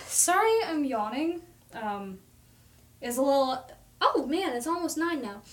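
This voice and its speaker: A woman's voice: sits high, lively intonation, unhurried. A young woman chatting casually on a livestream while she paints, talking through her process, reading viewer comments aloud and poking fun at herself. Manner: chatty, self-deprecating, reads out viewer comments.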